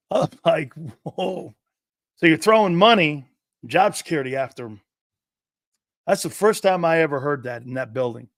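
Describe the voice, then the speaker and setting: A brash man delivers a sports talk monologue in a fairly high voice, swearing freely and slipping into quoted exchanges as he tells the story. The sound is dry and close, with no room echo. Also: expressive, a little slow, pauses often, fairly bright tone. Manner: brash, profane, acts out quoted conversations. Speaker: sports talk show host.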